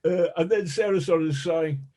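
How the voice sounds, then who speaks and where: A man, a journalist, telling a lively, self-mocking anecdote as a podcast guest, with a lot of swearing. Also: a little high, measured pace. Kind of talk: anecdotal storytelling.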